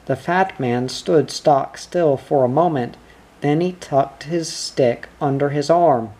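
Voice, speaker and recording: Slow, deliberate storybook reader. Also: mid-range voice, mellow, breathy edge. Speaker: narrator. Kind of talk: storybook read-aloud.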